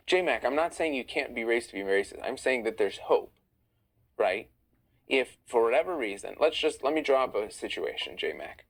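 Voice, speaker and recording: A man's voice: mid-range voice, expressive, normal speed, creaky, slightly rough, poor audio. A tired man hosting a casual livestream, reading viewer questions aloud and answering them. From Iranian-American. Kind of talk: casual live chat. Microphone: phone livestream.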